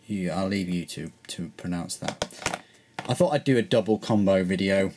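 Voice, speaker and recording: A man's voice: sits low, a little mellow, a little hiss or hum. A man from Britain doing a casual unboxing and review vlog, wry and self-mocking, full of rambling asides. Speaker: hobby reviewer.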